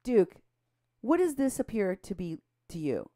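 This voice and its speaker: A woman co-hosting a political talk show, animated and indignant, her voice jumping up when she is outraged. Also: mid-range voice, a little slow. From Mexico. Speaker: co-host.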